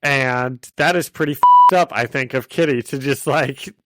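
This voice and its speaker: A man's voice: medium pitch, unhurried, fairly bright tone, no echo. A man co-hosting a casual comic-book podcast, recapping the story and laughing often. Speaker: podcast co-host.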